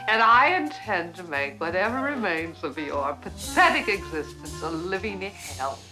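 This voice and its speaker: A vindictive middle-aged businesswoman in a TV drama, low-voiced and deliberate. Her scorn comes through in a lively rise and fall, with music playing underneath. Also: poor audio. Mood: scornful. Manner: slow, cutting and scornful.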